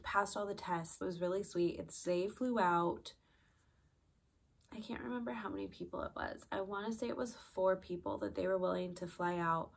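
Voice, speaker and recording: A woman's voice: mid-range voice, normal speed, creaky. A young woman in her twenties, casually telling a personal story to the camera, chatty, with lots of fillers. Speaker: vlogger, flight attendant.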